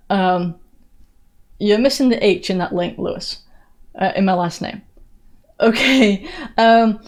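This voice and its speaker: A woman with a blended English and American Southern accent runs a live political commentary stream in a middle-pitched voice. She talks in a sarcastic, mocking way, often restarting her sentences as she answers viewer questions. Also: a little mellow. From England.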